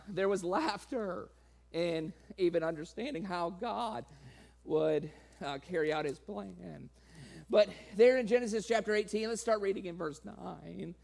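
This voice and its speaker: A man preaching a sermon, laughing often and playfully acting out the people in his reading. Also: creaky. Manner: acts out quoted voices with sudden pitch jumps.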